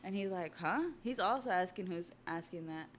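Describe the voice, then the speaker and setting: A young woman on a casual livestream, talking through a story with excitable chatter and offhand swearing. Her voice sits a little low. It is recorded on a desktop mic. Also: fairly quick, a little hiss or hum. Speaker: streamer.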